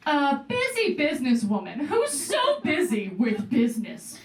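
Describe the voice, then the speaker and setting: A young woman performing a stand-up comedy set in a club, with a deadpan delivery and playful asides. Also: high voice, a little slow. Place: comedy club stage with live audience. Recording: roomy club sound heard from a distance. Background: audience laughing.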